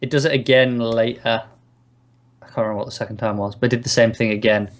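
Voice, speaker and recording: A man co-hosting a relaxed TV review chat. He is a little drunk and speaks with wry humor. He swears freely when he complains. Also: mid-range voice, quick pace. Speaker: co-host.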